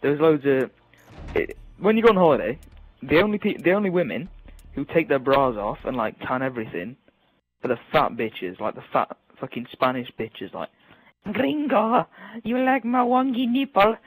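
A man chatting casually with friends while gaming, excitable and yelling at his teammates. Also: mid-range voice, normal speed, breathy edge, no echo, rough recording. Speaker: gamer.

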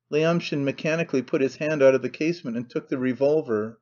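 A man narrating a classic novel as an audiobook in a measured, even reading. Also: mid-range voice, dull audio.

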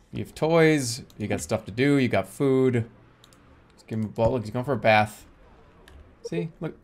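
A man streaming a video game, giving excitable live commentary and laughing often. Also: medium pitch, moderate pace, pauses often, slight background noise.

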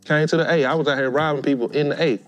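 Man in his thirties; lively podcast storyteller who does voices for everyone; faint music bed. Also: on the high side, rapid-fire. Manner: animated, acts out quoted voices. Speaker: guest storyteller. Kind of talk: casual storytelling.

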